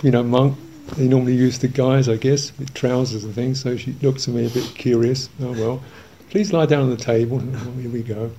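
A man's voice: medium pitch, fairly even intonation, fairly quick, hardly any pauses, warm tone, slight background noise. An older English man, a Buddhist monk, telling a humorous, self-mocking story in a dharma talk, chuckling along.

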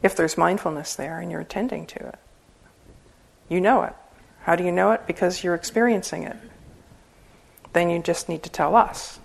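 A woman with a low, gravelly voice gives a relaxed talk on meditation practice. She speaks as a Buddhist teacher, chatty and joking, and laughs often as she explains. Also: normal speed, low-quality recording. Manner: conversational and humorous, laughing often. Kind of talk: informal dharma talk.

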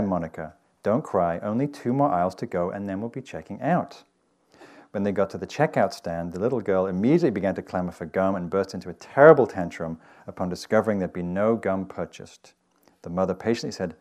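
A man from England giving a meditation dharma talk, telling stories in a gentle, conversational way. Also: low voice, animated, brisk. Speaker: meditation teacher. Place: meditation hall with audience.

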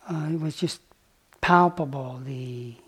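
A man giving a dharma talk as a meditation teacher, telling a story gently and unhurriedly, with pauses and small fillers. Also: a little high, husky. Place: retreat center meditation hall.

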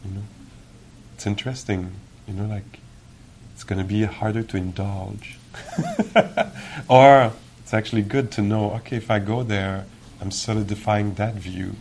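A man giving a meditation teacher's dharma talk in a gentle, reflective, musing way, with many pauses. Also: on the low side, fairly even intonation, gravelly, slight background noise. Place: retreat hall.

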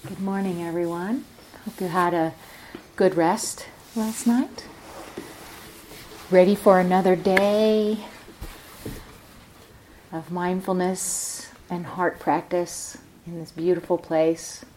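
A woman meditation teacher gives a morning dharma talk at a retreat center. Her voice sits a little low and she takes her time, letting each thought unfold unhurriedly. She sounds reflective, as if working the ideas out aloud. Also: fairly even intonation, slow pace, pauses often, a little mellow, slight background noise.

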